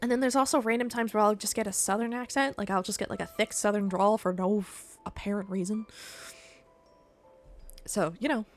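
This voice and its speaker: A woman's voice: mid-range voice, steady tone, a little fast, soft background music. A young woman streaming a video game, chatting casually and rambling between frequent giggles. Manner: chatty and giggly, laughs often between remarks; rambling, with frequent restarts and fillers. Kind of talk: casual gameplay chat.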